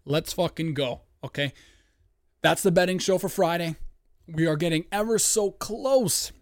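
A man hosting a sports-betting podcast from home, hyped and profane, breaking into yelling on a close mic. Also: on the high side, no room sound. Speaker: podcast host. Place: home studio, dogs nearby.

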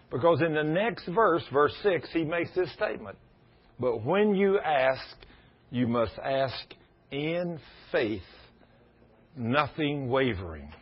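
Husky preacher, muffled recording. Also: male voice, on the high side. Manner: folksy storytelling, rising to loud emphasis. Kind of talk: sermon. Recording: muffled lo-fi sound.

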